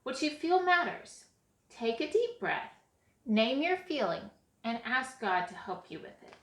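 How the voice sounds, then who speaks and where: A woman reading a storybook aloud, voicing a shy young boy who speaks softly and hesitantly. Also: sits high, big pitch swings, a little slow, voice pushed up. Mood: gentle. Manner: soft and hesitant. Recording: echoey room.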